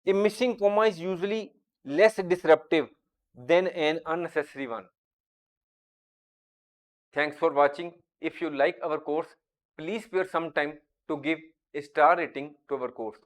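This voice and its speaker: A man teaching a grammar lesson, going through each example slowly and deliberately. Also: fairly high pitch. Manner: slow, deliberate, explains each example step by step. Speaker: English teacher.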